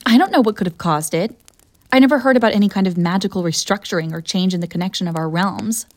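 A woman's voice: medium pitch, quick pace, no room sound, close to an everyday voice. A woman playing a haughty, bored succubus. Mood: grumbling. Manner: haughty and theatrical, defensive when pressed. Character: proud, bored, centuries-old female succubus. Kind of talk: audio role-play addressed to the listener.

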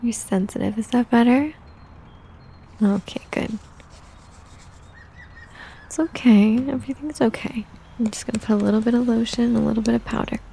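A young adult woman performing a whispered role-play, talking softly and soothingly like a coaxing caretaker. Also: a little high, little pitch movement, moderate pace, creaky, pauses often, slight background noise. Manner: soothing, coaxing caretaker talk, mostly soft and close.

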